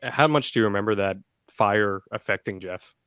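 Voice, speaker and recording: A man interviewing a guest, asking measured, probing questions. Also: fairly low pitch, a bit bright, clear, resonant tone, dry recording.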